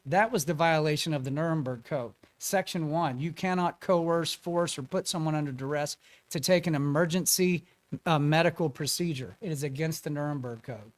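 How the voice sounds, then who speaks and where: A man's voice: a little high, moderate pace. A man telling a story as a guest in a casual interview, acting out the quotes of the people in it. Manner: animated storyteller, acts out quotes.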